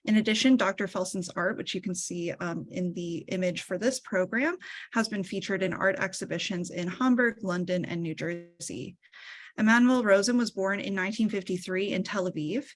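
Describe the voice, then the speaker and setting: A woman's voice: medium pitch, normal speed. Woman reading speaker introductions. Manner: reads scripted bios steadily. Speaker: event host.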